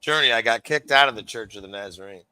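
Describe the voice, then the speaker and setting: A middle-aged man telling his story over a video call in a casual, animated way, acting out the voices of the people he quotes and swearing freely. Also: medium pitch, fast, a crowd in the background, rough recording. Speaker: guest.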